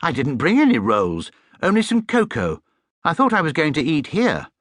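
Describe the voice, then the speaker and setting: A man's voice: huge pitch swings, normal speed, fairly bright tone, dry recording, exaggerated voice. Paddington, a small earnest young bear, put on by a man reading a storybook. The voice sits well above the reader's own and swings widely. It is close and dry. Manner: earnest, indignant, high and eager.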